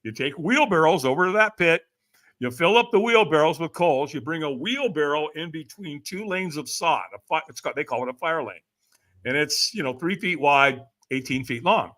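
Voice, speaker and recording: As a podcast guest, a middle-aged man recounts a personal story in a high, forceful voice at a moderate pace. He mimics other people's words with big pitch swings, and the whole telling remains animated.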